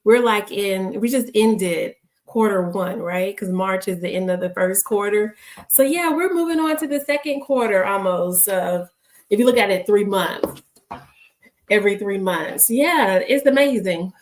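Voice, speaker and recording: A woman's voice: medium pitch, expressive, a little slow. A woman hosting a ministry livestream, giving casual, encouraging bedtime words and blessing her viewers. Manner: upbeat, blessing viewers, easygoing fillers. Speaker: ministry host. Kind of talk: casual encouraging devotional talk.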